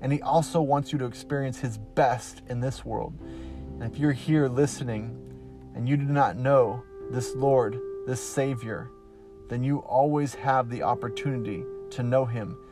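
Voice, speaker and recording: A man giving a slow, earnest devotional sermon on a podcast, emphatic and pausing often. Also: mid-range voice, fairly even intonation, music in the background. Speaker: podcast preacher.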